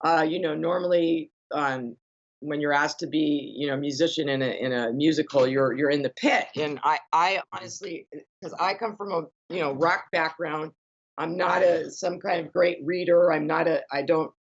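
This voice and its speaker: A woman's voice: low-pitched, fairly even intonation, moderate pace, gravelly, lo-fi sound. A woman, a guest rock musician, chatting casually and filling her talk with "you know" and restarts. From United States. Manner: chatty, many fillers and self-corrections. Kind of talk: casual conversation.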